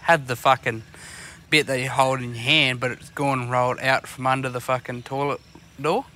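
An Australian man with a bright, cutting voice spins casual, swear-heavy stories for a podcast. He rambles and laughs as he talks, and faint outdoor and engine noise sits under the voice. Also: medium pitch, steady tone, moderate pace. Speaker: podcast co-host. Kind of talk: casual chat. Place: outdoors on a fishing boat.

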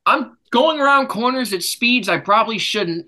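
A young man with a bright, forward voice hosts a loose, casual podcast chat. He rambles through jokey stories and often jumps into loud bursts. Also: very high voice, lively intonation, normal speed. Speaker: podcast host.

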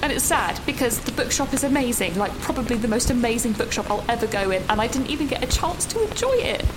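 A woman's voice: fairly high pitch, very animated, brisk. A young woman leaving a flustered, self-pitying voice note outdoors in the rain. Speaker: student missionary leaving a voice note. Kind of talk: comedic voice-note monologue. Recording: loud rain noise outdoors. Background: heavy rain and thunder.

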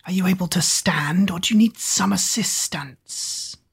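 A woman's voice: fairly low pitch, creaky, husky, exaggerated voice. Woman whispering as a fawning lizard servant. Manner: hissing whisper, slow and oily. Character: fawning male lizard servant, sly and grovelling. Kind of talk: whispered role-play.

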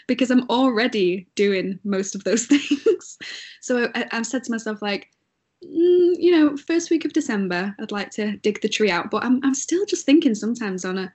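A young woman from England talks casually as a podcast co-host, her voice slightly breathy. She laughs easily and often jokes about herself. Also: a little high. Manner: chatty and self-deprecating, laughs often. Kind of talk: casual chat.

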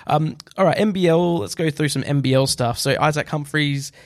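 A man co-hosting a podcast, explaining sports news in a relaxed, chatty way. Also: fairly high pitch, brisk, no room sound, clean studio sound. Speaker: podcast co-host. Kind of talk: casual sports chat.

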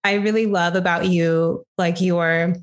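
Woman host, unhurried, gentle affirming chat. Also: fairly low pitch, steady tone. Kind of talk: casual chat.

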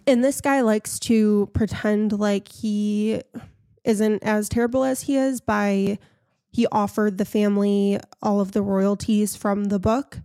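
A woman's voice: mid-range voice, fairly even intonation, a little slow, mellow, smooth, dry recording, studio quality. A woman hosting a casual podcast, frank and opinionated, telling a story to her co-host.

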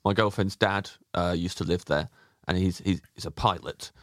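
A man hosting a podcast in casual chat, joking and stumbling over quick restarts. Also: low-pitched, no room sound, clean studio sound. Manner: quick, stammering restarts, jokey. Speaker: podcast host.

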